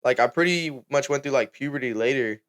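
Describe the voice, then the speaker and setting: A young man in his late teens hosting a podcast in relaxed, casual chat. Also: mid-range voice, fairly quick, smooth. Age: young adult. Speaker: podcast host.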